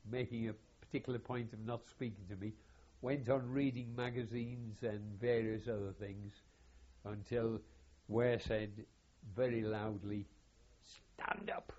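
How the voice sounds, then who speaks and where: An older man, recalling his wartime service in an oral history interview in a halting, measured way with wry self-deprecation, on a dull lo-fi recording. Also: medium pitch, steady tone, dark tone. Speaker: veteran interviewee.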